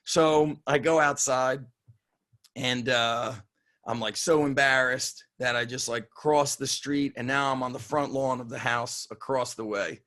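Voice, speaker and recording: Interview guest: a middle-aged man from Israel, a strength coach, telling animated and profane stories at an average pitch. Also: unhurried. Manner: animated, profane, acts out quoted voices. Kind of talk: casual storytelling interview.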